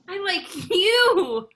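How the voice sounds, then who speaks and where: A woman performing an improvised scene on a video call, with a dry, glum deadpan. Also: very high voice.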